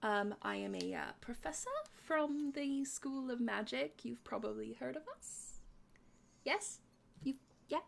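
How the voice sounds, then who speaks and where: A polite, slightly flustered professor of magic, played by a woman, speaking in a hurried, hesitant way with lots of small pauses. The voice is quiet and courteous. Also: on the high side, creaky, slight background noise.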